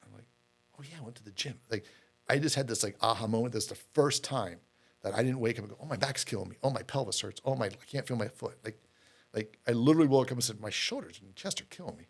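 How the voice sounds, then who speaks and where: A man's voice: mid-range voice, quick pace. A middle-aged man, a podcast guest, telling his story in a candid, rambling way with many fillers and repeated words.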